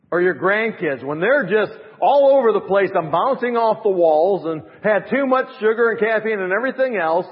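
A middle-aged man preaching a sermon as pastor, building to emphatic rising phrases and dropping to soft asides. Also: sits high. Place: church. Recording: reverberant, dull church recording.

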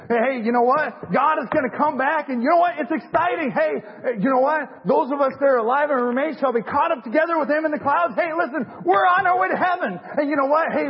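A man preaching a fervent sermon in a church, excitable and repetitive, forever saying "hey, listen" and "you know what". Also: very high-pitched. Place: church sanctuary. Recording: echoey hall, muffled lo-fi recording.

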